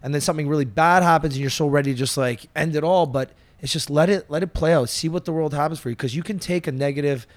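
A man hosting a podcast, an animated storyteller who swears casually. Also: on the high side, fast talker, hardly any pauses, no echo. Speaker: podcast host. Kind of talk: casual chat.

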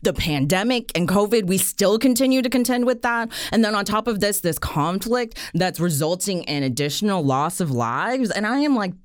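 A woman co-hosting a political podcast, pressing her points with indignant emphasis. Her pitch rises and falls widely around a middle register. The recording is dry and close. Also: lively intonation, moderate pace, hardly any pauses, dry recording. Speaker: podcast co-host. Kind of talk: heated casual political discussion.

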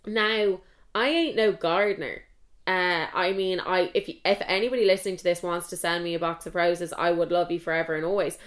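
A woman's voice: on the low side, steady tone, normal speed. A young Irish woman in her twenties telling candid, self-mocking dating stories in a chatty podcast style, swearing freely. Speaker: podcast host. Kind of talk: casual storytelling.

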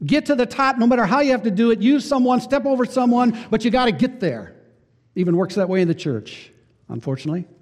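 A man's voice: extremely high pitch, lively intonation, quick pace, darkish tone, big-room sound. A man preaching a sermon as pastor, emphatic, repeating key phrases and putting rhetorical questions to the congregation.

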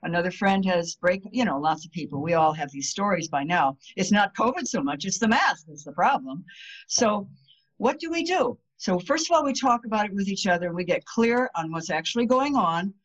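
On a podcast, a woman guest with a medium-pitched voice talks fairly quickly and casually about spirituality. She brings her stories to life by voicing the people in them, heard through dull, lo-fi sound.

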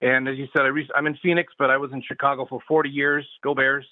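A man's voice: mid-range voice, level tone, fast, no room sound. A man in his forties calls in to a radio show to ask a question. He sounds polite and a little hesitant and uses many fillers. His voice comes through a narrow, tinny phone line with a dry sound. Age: 40s. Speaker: caller.

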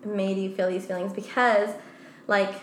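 A young mother co-hosting a casual chat, telling stories with animated retelling of conversations. Her voice sits in an echoey room with a faint hiss behind it. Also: medium pitch, moderate pace. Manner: animated storyteller, acts out quoted dialogue.

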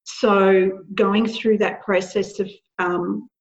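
A woman who is a podcast guest, chatting casually and telling stories in an animated way, often laughing. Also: mid-range voice, takes it slowly. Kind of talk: casual chat. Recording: dull lo-fi sound.

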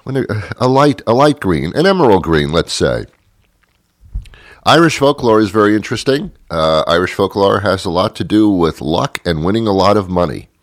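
A man's voice: fairly low pitch, lively intonation, moderate pace, no echo. A man hosting his own comedy show, rambling through a dry, self-mocking monologue with chuckling asides. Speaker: radio-style comedy show host.

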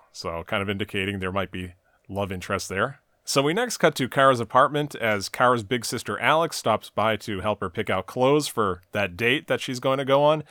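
A man's voice: medium pitch, fairly bright tone, no room sound. A man with a mid-range voice, recapping an episode in long, run-on stretches of plot. The sound is dry and close, with no room around it. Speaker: podcast co-host recapping a TV episode. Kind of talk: casual recap chat.

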